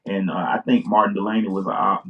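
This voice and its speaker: A man's voice: low-pitched, steady tone, quick pace. Guy calling in to back up the host, confident, kinda far away and muffled. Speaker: guest scholar. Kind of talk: casual discussion, reading a passage aloud. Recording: distant, muffled call audio.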